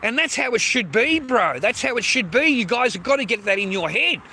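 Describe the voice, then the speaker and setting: A high-voiced Australian man rants straight at his viewers, swearing freely and repeating himself, with a steady stream of mates and bros. He records outdoors or on the move, and loud traffic noise runs under his voice throughout. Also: brisk. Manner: heavy swearing, repetitive, keeps calling listeners mate and bro. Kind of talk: ranting monologue to viewers.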